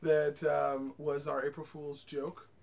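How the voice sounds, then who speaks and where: A man's voice: fairly high pitch, completely flat delivery, takes it slowly, creaky, darkish tone. A man hosting a casual podcast, laughing often as he reads listener comments aloud. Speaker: podcast host.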